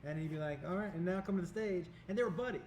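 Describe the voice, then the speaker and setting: A man's voice: sits high, very fast, darkish tone, a little hiss or hum. A man, a comedian co-hosting a casual podcast, who tells stories and laughs his way through the punchlines. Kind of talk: casual chat.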